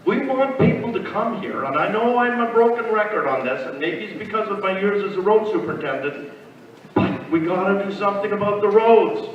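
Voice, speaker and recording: An older man campaigns for local office at a public meeting. His talk is halting, with restarts, and turns earnest. He is far from the mic in a long-echoing hall, and the sound is dull. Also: high voice, a little hiss or hum. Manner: halting, repeats words, then earnest. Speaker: municipal candidate. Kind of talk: candidate's speech at a public meeting.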